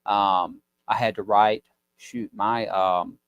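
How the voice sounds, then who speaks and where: This is a low-pitched man with a drawl, chatting casually as a podcast guest. He rambles through his stories with a folksy ease and acts out the people in them. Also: steady tone, takes it slowly, a bit bright, clean tone, dry recording, dull audio. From Mississippi. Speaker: podcast guest, business owner. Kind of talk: casual storytelling chat.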